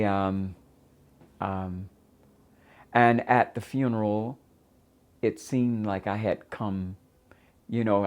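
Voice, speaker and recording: An older woman from Florida telling her own life story in a reflective, halting way, pausing often with fillers. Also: a bass voice. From United States (Florida). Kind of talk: first-person documentary storytelling.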